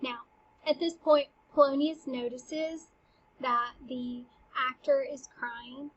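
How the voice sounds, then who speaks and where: A woman's voice: high-pitched, steady tone, slow pace, muffled recording. A woman teacher casually explaining a play, chatty and full of "like". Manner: chatty, uses "like" a lot.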